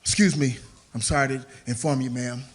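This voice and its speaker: A male comedian putting on the voice of a solemn doctor who delivers bad news in a low, hushed and deliberate way. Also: fairly even intonation, natural voice. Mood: grave. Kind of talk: stand-up comedy.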